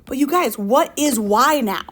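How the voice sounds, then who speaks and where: A woman's voice: high voice, animated, measured pace. Upbeat woman teaching a math class. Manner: upbeat, playful, asks the class questions. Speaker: high school math teacher. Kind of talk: classroom lecture.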